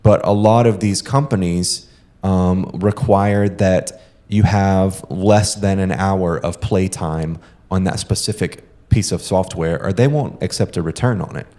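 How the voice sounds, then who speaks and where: A man's voice: low voice, a little slow, warm tone. A young man co-hosting a podcast, explaining practical tips to listeners in a casual way with frequent "um". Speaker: podcast co-host.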